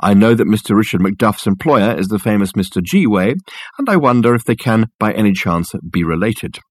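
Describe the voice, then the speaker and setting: A man's voice: fairly low pitch, expressive, brisk, no room sound. A man voicing a pompous eccentric detective. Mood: lecturing. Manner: crisp, pompous, lecturing. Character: smug eccentric male private detective.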